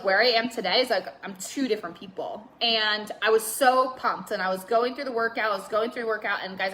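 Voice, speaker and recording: A woman's voice: a little high, bright, forceful tone, a little hiss or hum. A young woman talking candidly on a live stream, rambling with lots of filler words and some swearing. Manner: reads out viewer comments. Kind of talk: casual Facebook Live chat.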